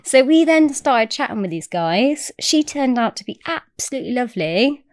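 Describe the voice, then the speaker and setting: Chatty woman with a lively voice. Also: on the high side, normal speed, dry recording, studio quality. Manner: chatty, laughing, swearing freely. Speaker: podcast guest. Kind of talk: casual storytelling.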